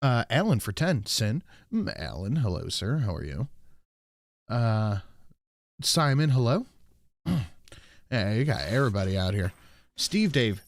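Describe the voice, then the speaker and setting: A man's voice: on the low side, very animated, measured pace, long pauses, no room sound, studio quality. Casual profane male streamer. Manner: casual, profane, reads chat names aloud. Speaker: livestream host. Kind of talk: casual livestream chat. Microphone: desk microphone.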